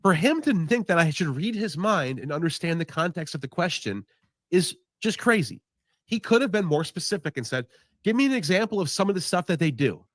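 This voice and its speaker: A man reacting to a call he was on, animated and exasperated, replaying clips. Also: high voice, fairly quick, no echo, clean studio sound. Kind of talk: casual reaction chat.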